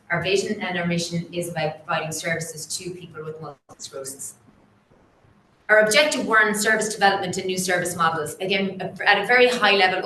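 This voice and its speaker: A woman delivers a formal report to a meeting in a clear, businesslike way, with a fairly low voice that has a bright, forceful edge. Her voice carries through an echoey room with a faint hum behind it. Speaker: chief executive presenting at an annual meeting. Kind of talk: formal presentation.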